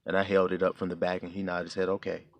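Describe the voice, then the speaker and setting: A man's voice: deep voice, monotone, rapid-fire, dry recording. A man telling a heartfelt personal testimony in a plain-spoken, casual way as he preaches. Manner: earnest, heartfelt storytelling.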